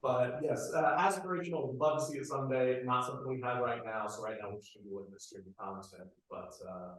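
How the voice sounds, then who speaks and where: A man giving a short report to a board in a quick, easygoing, upbeat way. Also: medium pitch, a bit bright. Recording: very echoey room.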